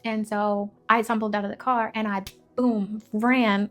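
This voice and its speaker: A woman's voice: mid-range voice, flat delivery, brisk, few pauses, soft background music. A young woman telling her own life story with candor and emotion, full of fillers and restarts. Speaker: faith vlogger. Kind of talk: personal testimony.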